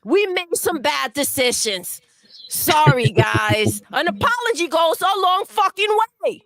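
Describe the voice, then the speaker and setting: A woman's voice: high-pitched, very animated, a little slow, fairly bright tone, no room sound. A woman delivering a profane, scornful rant full of swearing. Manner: scornful, swearing, mocks with put-on voices. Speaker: livestream segment voice.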